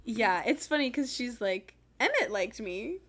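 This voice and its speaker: A woman's voice: on the high side, big pitch swings, measured pace. A woman co-hosting a casual podcast chat, making wry jokes and giggling often. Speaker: podcast co-host. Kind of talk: casual chat recapping a book.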